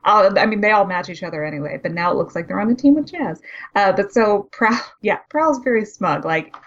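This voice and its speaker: Animated woman retelling a comic. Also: medium pitch, brisk, vocal fry, highs cut off. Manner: animated, acts out characters' lines while retelling. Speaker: podcast co-host recapping comics. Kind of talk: casual chat.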